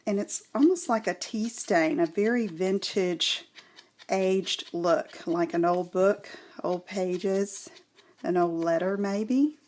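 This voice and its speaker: A woman hosting a craft tutorial, gently explaining each step as she works. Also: medium pitch, slow pace.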